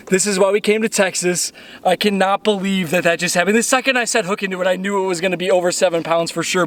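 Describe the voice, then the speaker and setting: A young man filming himself fishing on a lake, chatting casually to viewers and calling them "guys" and "dude". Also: high voice. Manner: excitable, says "dude" and "guys" a lot. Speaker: fishing vlogger. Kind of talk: casual outdoor fishing commentary. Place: on a boat on a lake, outdoors.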